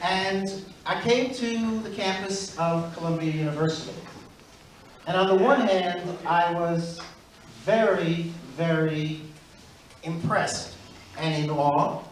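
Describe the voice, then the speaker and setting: A middle-aged man from Brooklyn, telling stand-up stories at a measured pace and putting on voices for his characters. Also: high-pitched, slight background noise. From Brooklyn, USA. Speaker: stand-up comedian. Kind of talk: stand-up storytelling. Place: university event hall. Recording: very echoey hall, far mic.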